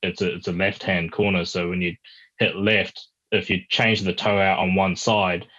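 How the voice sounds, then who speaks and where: Low-voiced man. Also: level tone, normal speed, a bit bright, dull audio. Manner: rambling, many restarts, puts on a mock broken-English voice for jokes. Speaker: podcast guest. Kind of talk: casual chat.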